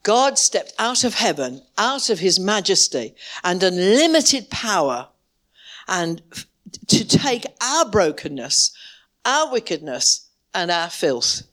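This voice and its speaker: Woman preacher, sermon in church, slow and deliberate, wide-ranging melodic delivery, impassioned emphasis. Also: mid-range voice, very animated, a bit bright.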